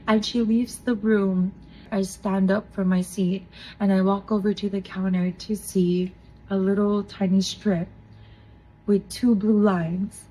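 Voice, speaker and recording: A woman in her thirties co-hosting a faith podcast, telling a personal testimony in an earnest, emotional way with soft laughs. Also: medium pitch, little pitch movement, unhurried, slight background noise, poor audio. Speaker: podcast co-host.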